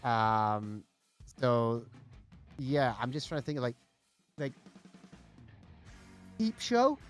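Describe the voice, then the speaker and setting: A man chats as a podcast co-host. His talk rambles along with plenty of "like" and "um", with bursts of eager enthusiasm. His voice sits at an ordinary middle pitch, with faint music underneath. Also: very animated, slow. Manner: rambling, filler-heavy, enthusiastic. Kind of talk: casual chat.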